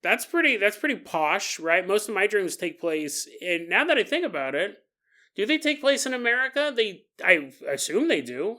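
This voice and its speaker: A man's voice: a little high, pushed and bright. A man hosting a podcast in a casual, joking monologue, laughing often and making asides to listeners. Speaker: podcast host.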